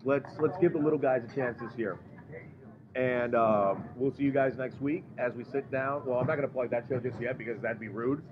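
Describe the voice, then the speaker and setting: An excitable man hosting a live food taste test in a restaurant, gushing and tripping over his words. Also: medium pitch, fairly quick, a crowd in the background. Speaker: podcast host doing a live food review. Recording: muffled live stream with background noise.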